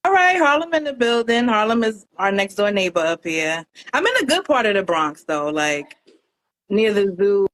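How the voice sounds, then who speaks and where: Playful New woman, lively voice. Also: medium pitch, normal speed, dry recording. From Queens, New York. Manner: playful, joking, gives shout-outs. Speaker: guest on a live dating show. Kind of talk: casual chat.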